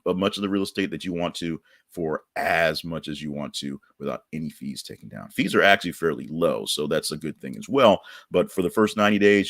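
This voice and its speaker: A man's voice: sits low, no echo, clean studio sound. A man hosting a podcast, chatting loosely through news stories and an ad read with many fillers and restarts. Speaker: podcast host. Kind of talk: casual news chat with ad reads.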